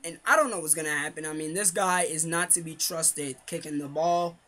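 A man's voice: a little high, a little fast, pushed and bright. A young man giving casual, rambling commentary over a football video game while chewing gum, hyping his team and griping about his kicker. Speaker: gaming commentator.

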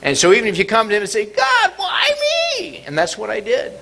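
A middle-aged man preaching a sermon in church, dramatic and expressive, sometimes acting out cries and shouts. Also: sits high, very fast, gravelly. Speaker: pastor. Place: church sanctuary.

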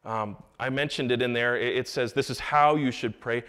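A man's voice: medium pitch, fairly even intonation, moderate pace, fairly bright tone, clear, resonant tone. A young adult man preaching a sermon in a church sanctuary, in a conversational way that breaks into emphatic rises. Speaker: pastor.

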